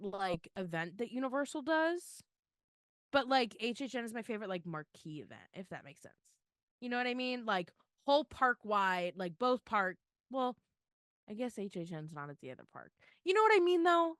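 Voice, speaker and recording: A young woman on a podcast mic gushes in a casual, emotional way and keeps saying "like." Her voice is bright and smooth. The sound is dry and close. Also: a little high, normal speed, no room sound. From Florida. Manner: gushing, tearful excitement, lots of "like". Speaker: podcast co-host.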